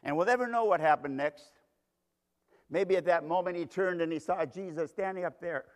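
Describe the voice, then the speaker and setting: A man's voice: high-pitched, normal speed. A man preaching a sermon, telling a Bible story dramatically and speaking straight to its characters. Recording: long hall reverb.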